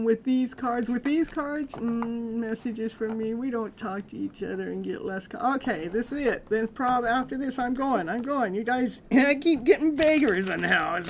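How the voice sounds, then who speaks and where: A middle-aged woman reads tarot cards on a live stream, talking loosely and laughing often between cards. Her voice sits a little high, with a faint hiss behind it. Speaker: live tarot reader and host.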